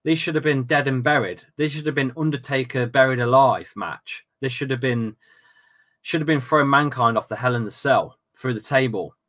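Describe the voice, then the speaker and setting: A man hosting a football watchalong, commentating live with loud outbursts, swearing and casual banter with friends. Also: mid-range voice, moderate pace. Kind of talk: excitable live match commentary.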